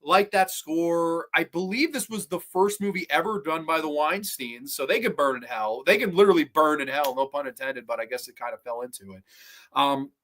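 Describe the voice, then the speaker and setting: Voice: medium pitch, normal speed, a bit bright. Blunt, profane horror podcast host. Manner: rambling, with frequent restarts and trailing asides. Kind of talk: casual livestream chat reacting to viewers.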